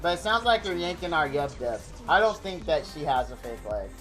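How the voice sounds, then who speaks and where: A man live-streaming a game, rambling excitably and thanking viewers in chat by name. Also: fairly high pitch, a little fast. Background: faint game music.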